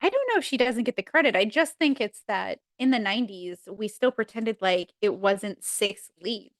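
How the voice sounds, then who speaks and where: A woman guest on a podcast, telling stories in an animated, laughing, casual way from home. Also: medium pitch, moderate pace, no echo. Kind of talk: casual chat.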